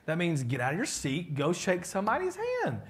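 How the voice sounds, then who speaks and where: Folksy pastor, slightly high voice. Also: male voice, huge pitch swings, a little fast. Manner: folksy and joking, acts out quoted people. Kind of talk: casual leadership talk to a congregation.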